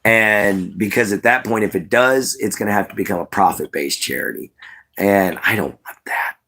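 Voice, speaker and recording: A man's voice: on the low side, moderate pace, gravelly, bright, forceful tone. A man hosting a casual livestream, chatting straight to his viewers in a laid-back way with plenty of "you know"s. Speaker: livestream host.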